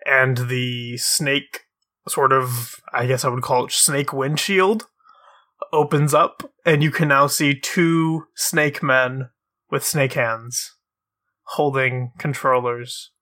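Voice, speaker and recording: A man narrating a tabletop game as game master, describing the scene slowly with hesitant fillers. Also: mid-range voice, steady tone, bright, forceful tone.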